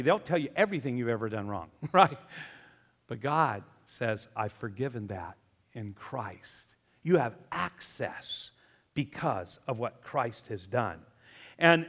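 A male pastor preaching a sermon, emphatic and animated as he tells a story. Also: medium pitch, big-room sound.

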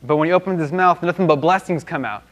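A man's voice: a little high, fast, fairly bright tone. A man teaching a Bible lesson in a loose, conversational way, with many restarts and fillers.

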